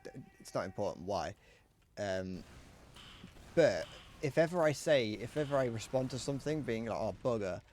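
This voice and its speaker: A man's voice: medium pitch, expressive, moderate pace, a little mellow, slight background noise. A British man chatting casually on a gaming livestream, swearing freely and laughing often. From Britain. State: sweaty while gaming. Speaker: streamer.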